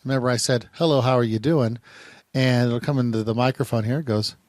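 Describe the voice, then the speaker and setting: A man's voice: mid-range voice, a little fast, a little mellow. A man working as a private investigator, casually reviewing phone apps in a rambling way, often repeating words and restarting sentences. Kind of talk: casual talking-head app review.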